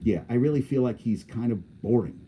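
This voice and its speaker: A man's voice: medium pitch, expressive, moderate pace, mellow, muffled recording, a little hiss or hum. A man hosting a sports podcast, talking casually in a blunt, opinionated, rambling way.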